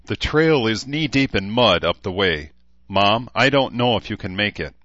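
A man voicing an angry, sharp-tongued young woman who snarls and snaps. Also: fairly low pitch, expressive, normal speed, no room sound, muffled recording, pitched above the performer's own voice. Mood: worried. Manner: snarling, snappish.

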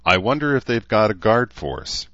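A man's voice: lowish voice, very animated, normal speed, pushed and bright, no echo, lo-fi sound, pitched above the performer's own voice, full character voice. A man reading an audiobook, voicing a practical, level-headed young man in a slightly raised voice. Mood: thoughtful.

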